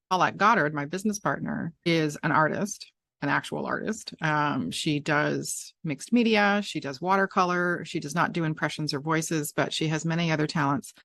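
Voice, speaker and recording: A woman's voice: low-pitched, no echo. A middle-aged woman hosting a podcast, chatty and rambling with a self-deprecating streak. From Canada. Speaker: podcast host. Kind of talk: casual interview chat.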